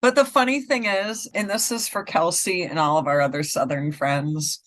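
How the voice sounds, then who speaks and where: A woman's voice: on the low side, steady tone, moderate pace, fairly bright tone, no room sound. A woman from upstate New York with an upstate New York accent, co-hosting a casual podcast and questioning things in disbelief. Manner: incredulous, questioning. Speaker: podcast co-host.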